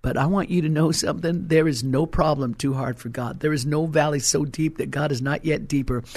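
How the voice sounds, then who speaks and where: Impassioned preacher man, fairly high voice. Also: steady tone, brisk, a little mellow, no room sound. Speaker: pastor. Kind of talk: sermon.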